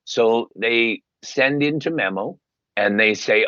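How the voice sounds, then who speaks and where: Man, animated storyteller, dry muffled recording. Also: slow pace, no room sound. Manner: animated storyteller, acts out quotes with big pitch jumps. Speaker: guest, paid sports superfan. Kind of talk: casual interview talk.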